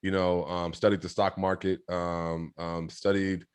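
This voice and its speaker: Low-voiced man telling his story. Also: level tone, unhurried, smooth. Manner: rambling, many fillers and restarts; reflective, earnest. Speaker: interview guest. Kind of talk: casual storytelling in conversation.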